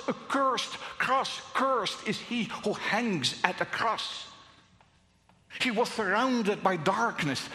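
A man preaching a sermon, dropping to hushed whispers and rising to fervent cries. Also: high-pitched. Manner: dramatic swings between hushed whispers and raised cries. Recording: echoey hall with long reverb.

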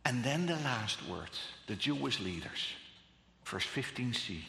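A man preaching a sermon, dramatic and emphatic, swinging between loud and hushed delivery. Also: medium pitch, very animated, creaky. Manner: slow and emphatic, with long pauses. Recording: echoey hall.

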